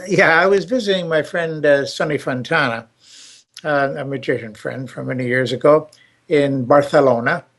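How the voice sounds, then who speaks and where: A man's voice: a little high, moderate pace, fairly bright tone. An older man hosting a talk show, telling a long anecdote in a rambling way full of fillers and restarts. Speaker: show host. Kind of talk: storytelling chat.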